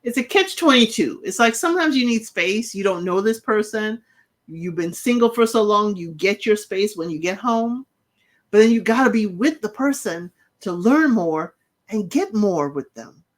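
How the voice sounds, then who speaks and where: A woman's voice: mid-range voice, animated, normal speed. A woman hosting a casual recap show, retelling scenes and talking straight to the people in them. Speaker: reality TV recap host.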